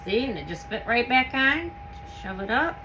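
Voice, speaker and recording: Bright-voiced, excitable woman canning at home. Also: fairly high pitch, moderate pace, slight background noise, low-quality recording. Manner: chatty, gushing with excitement. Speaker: home canning channel host. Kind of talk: casual how-to demonstration.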